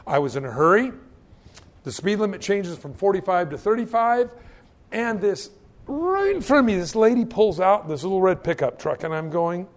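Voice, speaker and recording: A man's voice: high voice, expressive, moderate pace. A male pastor preaching a sermon, telling stories with self-mocking humor and stammered restarts.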